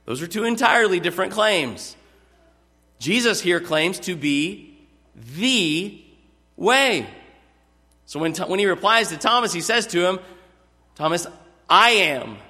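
A man's voice: high-pitched, expressive, measured pace, pauses often, sharp tone. A man preaching a sermon, explaining scripture earnestly and stretching out key words for emphasis. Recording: long hall reverb.

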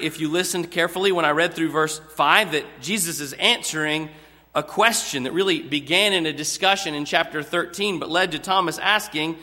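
A man preaches a sermon in a high, bright voice. He explains earnestly and drags out the words he wants to stress. His voice rings with long reverb from a big hall. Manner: earnest expository preaching, drawn-out emphatic words.

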